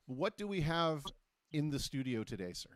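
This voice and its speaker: A man's voice: fairly high pitch, big pitch swings, no echo. Man, host voice, casual chat, joking, stumbling restarts, dry studio mic. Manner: chatty storyteller, quick and jokey with many restarts. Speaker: talk show host.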